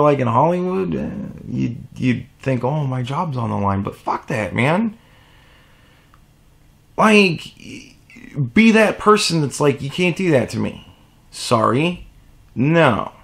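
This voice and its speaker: A young man riffs alone into his podcast mic in a heated, profane rant. His voice sits a bit high, jumps up and down wildly in pitch, and has a gravelly edge. He swings between loud indignation and low muttering. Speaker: podcast host. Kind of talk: solo opinion rant.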